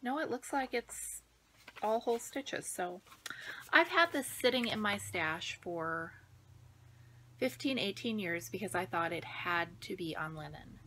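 A woman's voice: mid-range voice, animated, unhurried, pushed and bright, a little hiss or hum. A middle-aged woman vlogging casually from home about her stitching projects, out of breath, rambling and sometimes dropping to a near-whisper. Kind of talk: casual chat.

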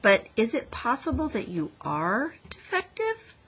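A woman's voice: a little high, wildly swooping pitch, measured pace, a bit bright, breathy edge, dull audio, voice pushed up, exaggerated voice. A woman reading the lines of a curious, blunt young girl in a storybook, in a frank, questioning way.

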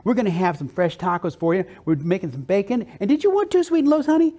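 A man's voice: high voice, animated, fast talker, mellow. A man quoting a kind, cheerful woman at a drive-thru window, with a friendly, folksy delivery.

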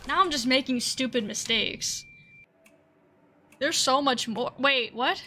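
A woman's voice: high voice, slow, bright, forceful tone. A young woman giving let's-play commentary on a horror game, muttering to the game and breaking into frightened shrieks. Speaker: gaming video creator.

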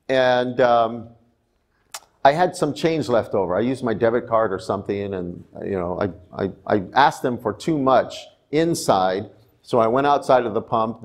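A man's voice: fairly high pitch, darkish tone. A man who is a pastor, giving a sermon in a church in a conversational, self-amused way. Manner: conversational, laughs at himself while telling stories. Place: church sanctuary.

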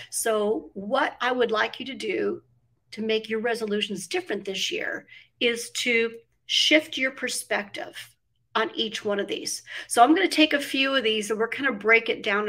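A woman's voice: fairly high pitch, a bit bright, recorded from a distance. A middle-aged woman giving a casual motivational wellness talk, earnest and storytelling, with frequent ums. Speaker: wellness coach.

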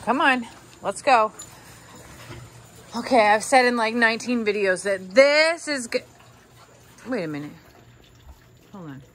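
A woman's voice: fairly high pitch, fairly bright tone, a little hiss or hum. A young woman chatting casually to her vlog audience about farm life. She gushes with emotion, often laughing and sighing as she talks. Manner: gushing and emotional, frequent laughs and sighs. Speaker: farm vlogger. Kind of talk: casual vlog chat to camera.

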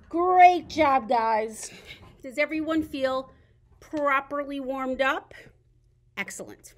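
A woman reading a picture book aloud at a baby storytime. Her voice sits high and swoops all over in a playful, sing-song way, and she takes an unhurried pace. She coaxes tiny listeners along as she goes. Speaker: children's librarian.

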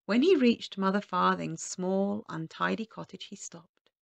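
Storyteller reading to children, expressive, slight fry, dry booth. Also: female voice, mid-range voice, a little slow, no room sound. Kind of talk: storybook read-aloud.

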